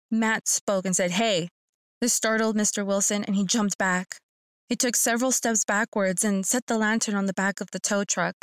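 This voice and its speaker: A woman's voice: mid-range voice, smooth, dry recording. A woman narrating a first-person horror story in a tense, earnest manner.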